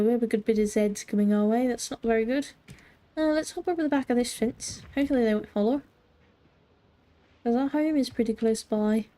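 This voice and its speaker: Playful woman streamer with a mellow voice. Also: a little high, brisk. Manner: playful mock-formal phrasing, talks to chat. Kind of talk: live gaming commentary, reading chat.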